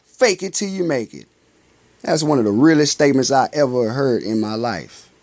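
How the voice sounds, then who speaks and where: A man giving a casual spiritual monologue in loose, slangy talk. He poses rhetorical questions and answers them himself, and drifts between loud bursts and low mutters. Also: lively intonation, moderate pace, no echo. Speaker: spiritual vlogger.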